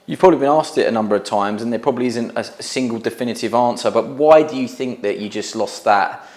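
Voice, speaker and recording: A man's voice: medium pitch, fast talker, darkish tone. A man interviewing a boxer, asking long questions made of several parts. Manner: asks long multi-part questions. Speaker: sports interviewer. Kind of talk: sports interview.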